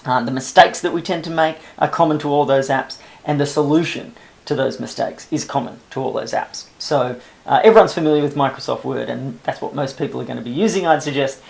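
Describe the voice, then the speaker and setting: A man, a publisher, talking new authors through a screen-recorded software tutorial in a relaxed, chatty and self-amused way. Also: mid-range voice, a little fast, gravelly.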